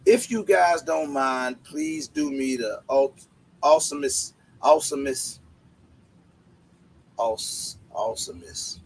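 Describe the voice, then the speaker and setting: A man's voice: on the high side, lively intonation, slow, gravelly, breathy edge, low-quality recording. A man hosting a casual livestream, greeting viewers by name in laid-back slang. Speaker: livestream host.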